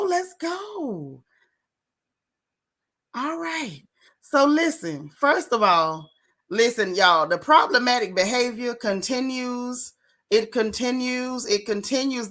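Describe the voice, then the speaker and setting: A woman hosting a casual livestream, greeting viewers by name in a playful, animated way. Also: medium pitch. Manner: playful, animated, Southern-leaning slang. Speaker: livestream host. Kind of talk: casual live chat.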